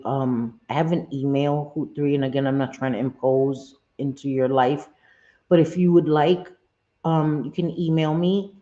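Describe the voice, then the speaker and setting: A woman's voice: sits low, warm tone, dull audio. A woman hosting a casual livestream, talking straight to her viewers, often repeating herself and saying "um". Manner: repeats phrases, many "um" fillers, speaks straight to viewers. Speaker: livestream host.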